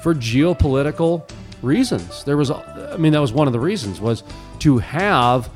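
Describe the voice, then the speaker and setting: A man's voice: on the high side, animated, normal speed, faint music behind. A man hosting a morning talk radio show, chatting casually and giving his opinions with frequent restarts.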